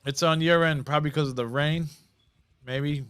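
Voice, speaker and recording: A man's voice: on the high side, steady tone, normal speed, a bit bright, smooth. A man co-hosting a podcast over a video call, talking loosely and joking with plenty of swearing. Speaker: podcast co-host. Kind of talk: casual chat.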